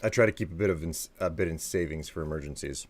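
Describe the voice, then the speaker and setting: A man's voice: extremely low pitch, quick pace. A man chatting casually with his live-stream viewers, sleepy and rambling as he reads and answers chat.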